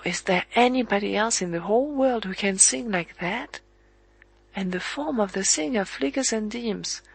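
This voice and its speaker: An audiobook narrator reading a literary story in a measured, evenly paced way with pauses at the commas. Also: mid-range voice, creaky, a bit bright, low-quality recording.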